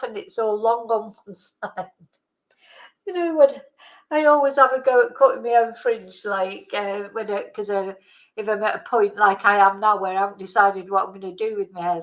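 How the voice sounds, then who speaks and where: A woman's voice: medium pitch, a bit bright, poor audio. A woman hosting a casual chat, rambling and exclaiming as she reacts to old videos. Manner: chatty, rambling, exclaiming in disgust. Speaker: channel host.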